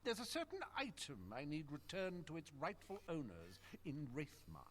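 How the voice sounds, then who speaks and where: A flamboyant pirate lord, sly drawl, wildly swooping pitch, faint hiss behind. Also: male voice, wildly swooping pitch, moderate pace. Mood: smug. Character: vain, flamboyant, scheming male pirate lord. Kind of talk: video game dialogue.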